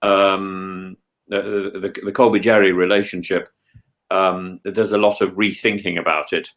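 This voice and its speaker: An older man with a fairly low voice talks in a relaxed podcast chat. He stops and restarts constantly, circling his point before getting there. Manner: halting, many repeated restarts. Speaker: podcast host. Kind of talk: casual chat.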